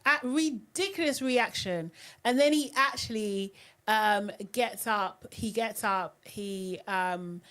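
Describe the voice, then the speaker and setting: Animated woman hosting a TV recap. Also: high-pitched. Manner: animated and outspoken, often mocking voices. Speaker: reality TV recap host. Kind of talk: live recap and review chat.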